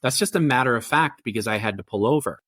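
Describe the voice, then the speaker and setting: A middle-aged man who works as a family therapist talks through his ideas in a relaxed podcast interview. He wanders and restarts often. His voice has a medium pitch, and the sound is close and dry with no room echo. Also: quick pace. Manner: thoughtful, rambling, with many fillers and restarts. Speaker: family therapist and parenting coach.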